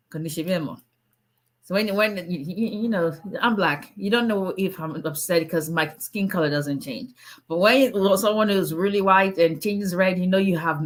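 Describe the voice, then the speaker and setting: A woman, an immigration attorney, chatting playfully and laughing with viewers on a casual livestream. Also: on the low side.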